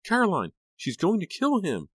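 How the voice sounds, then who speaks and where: Audiobook girl, frightened and desperate, high shrill cries, a male reader putting her on. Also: huge pitch swings, moderate pace, fairly bright tone, husky, no room sound, heavily acted. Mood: panicked. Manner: screaming, panicked, pleading. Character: frantic teenage girl haunted by visions.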